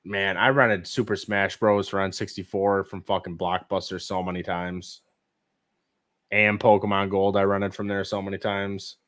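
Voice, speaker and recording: A man's voice: low-pitched, level tone, normal speed, fairly bright tone. A man co-hosting a casual gaming podcast, rambling with fillers and swearing.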